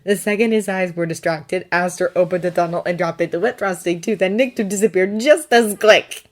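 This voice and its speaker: A woman reading fan fiction aloud in steady, even audiobook narration. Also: on the low side, fairly quick. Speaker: fanfiction narrator.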